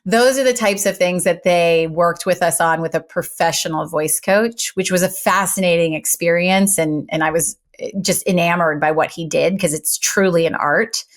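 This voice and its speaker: A middle-aged woman, a former news anchor turned speaking coach, talking in an interview with articulate, emphatic and animated delivery. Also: on the low side, moderate pace. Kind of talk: conversational interview.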